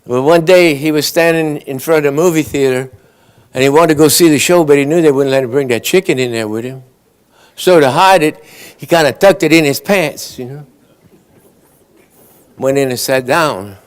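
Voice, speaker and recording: A folksy storyteller with a Cajun Louisiana accent spins tall tales in an easygoing drawl. His voice sits a little high for a man. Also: normal speed, smooth. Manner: folksy joke-telling drawl. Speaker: storyteller at an awards banquet. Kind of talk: comic storytelling.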